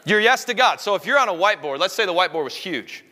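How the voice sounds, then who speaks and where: A man delivering a sermon with intense, animated energy, slipping into quoted voices along the way. His voice sits a little high and rings bright and forceful. A long reverb trails behind him in the church room. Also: fast. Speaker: pastor.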